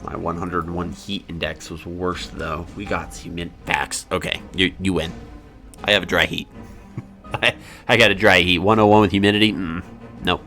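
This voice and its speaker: A man's voice: low-pitched, flat delivery, normal speed, bright, forceful tone, faint music behind. A man giving casual let's-play commentary as a gaming streamer, joking and laughing at his own remarks.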